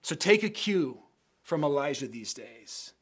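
Earnest preaching man, slightly high voice. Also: very animated, a little slow, slightly rough. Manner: earnest, emphatic preaching with repeated phrases. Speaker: pastor. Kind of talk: sermon closing in prayer.

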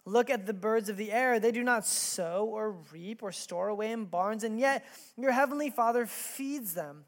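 A man in his thirties preaching a sermon in a church, telling a personal story with lively acted-out quotes before reading scripture. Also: sits high, normal speed. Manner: animated storytelling, acts out quotes with raised voice. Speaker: pastor.

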